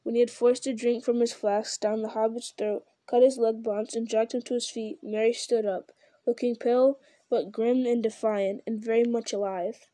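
A woman reads a fantasy story aloud in a steady, measured manner. Her voice is a little high yet mellow. The recording is close and dry. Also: no room sound. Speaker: audiobook reader. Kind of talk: storybook narration.

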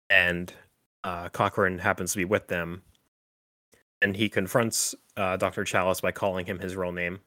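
A man's voice: low voice, pushed and bright, dry recording. A man hosting a podcast, recapping a horror film in casual chat, full of "like" and "um". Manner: rambling, filler-heavy with frequent "like" and "um". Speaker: podcast host.

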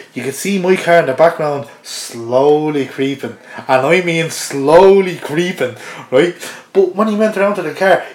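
An Irish man, a podcast guest, telling an anecdote casually and chuckling through it. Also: fairly high pitch. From Ireland. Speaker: interview guest. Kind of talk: casual storytelling. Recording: roomy echoey podcast audio.

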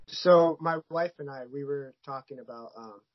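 A man's voice: medium pitch, moderate pace, no echo. A man chatting casually, throwing in crude jokes and egging on the other speaker. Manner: joking, crude interjections. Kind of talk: casual chat, egging on the storyteller. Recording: dull lo-fi recording.

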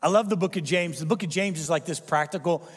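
A man's voice: fairly high pitch, fast talker, husky, long reverb tail. A male pastor preaching a sermon with emphatic delivery, firing rhetorical questions at the congregation.

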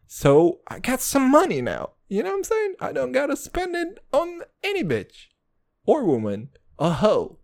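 A man's voice: moderate pace, vocal fry. Swaggering, crude young man podcasting solo. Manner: crude, swaggering slang, lots of "dude"; jumps between low mutters and high excited bursts. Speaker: podcast host. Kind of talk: casual solo podcast rant.

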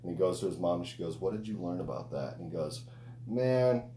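A man's voice: low voice, lively intonation, brisk, dark tone, reverberant, slight background noise. A man co-hosting a podcast, chatting loosely and swearing as he retells a joke. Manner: loose, profane storytelling with laughter. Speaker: podcast co-host. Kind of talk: casual podcast chat.

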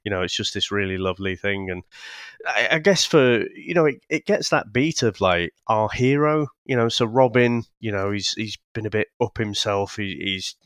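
A man's voice: fairly low pitch, normal speed, a bit bright, smooth, dry recording, clean studio sound. A man co-hosting a podcast, swearing, laughing often and restarting his sentences as he chats casually about a film. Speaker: podcast co-host reviewing films. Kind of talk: casual film review chat.

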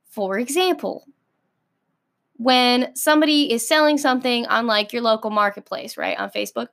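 A young woman with a high voice hosts a solo podcast. She rants in an exasperated, lively way, full of likes and ums. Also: moderate pace, creaky. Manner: exasperated, animated ranting with many likes and ums. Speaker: podcast host.

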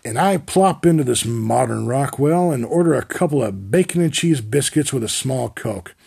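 Gravelly man in his forties, wry monologue. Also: mid-range voice, expressive, moderate pace, mellow. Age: 40s. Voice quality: wry, profane, rambling. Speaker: podcast host. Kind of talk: comic monologue storytelling.

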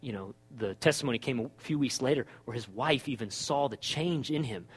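A man preaching a sermon as a pastor, telling stories with lively acted-out dialogue. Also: mid-range voice, brisk, slightly rough, in a large hall. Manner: animated storytelling, acts out dialogue.

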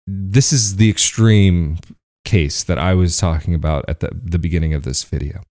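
A man's voice: low voice, dark tone. A man from the United States talking casually to camera as a video host, chatty and often laughing between points.

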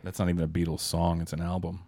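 A man's voice: low-pitched, monotone, fast talker, dark tone, no room sound. A young adult man co-hosting a casual podcast, with dry, understated wry remarks. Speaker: podcast co-host.

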